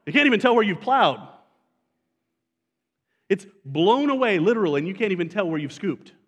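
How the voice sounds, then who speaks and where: A man preaches to his congregation in an easy, conversational way, often putting questions to the listeners. His voice sits a little on the high side. The sound carries the long reverb of a church sanctuary. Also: lively intonation, moderate pace, dull audio. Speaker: pastor. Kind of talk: sermon.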